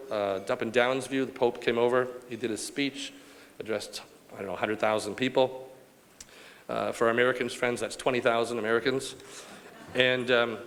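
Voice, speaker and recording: A man's voice: mid-range voice, a bit bright. Joking man giving an award speech in a hall. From Canada. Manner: rambling, joking, self-deprecating, with fillers. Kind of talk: off-the-cuff acceptance speech. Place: large banquet hall. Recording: long hall reverb from a live event.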